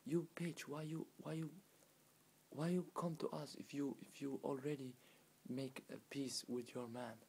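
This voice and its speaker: A man voicing a brusque, rude police officer in a told folk tale, a bit higher than his own voice. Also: level tone, measured pace, hardly any pauses, breathy edge.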